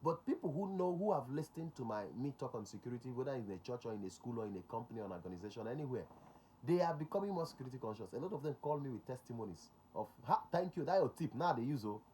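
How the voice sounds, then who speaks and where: Nigerian male host, mid-pitched voice, drives points home with repetition and Pidgin asides. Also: expressive, very fast, mellow, a little hiss or hum. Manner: emphatic, repeats key points, slips into Pidgin. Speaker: security relations consultant, show host. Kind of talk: talk show monologue.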